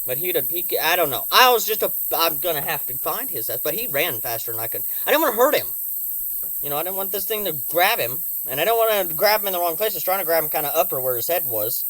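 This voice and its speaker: A woman filming a vlog outdoors by a house deck on a handheld phone, excitable and swearing, talking to a snake and her cats. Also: lowish voice, fast talker. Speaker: vlogger.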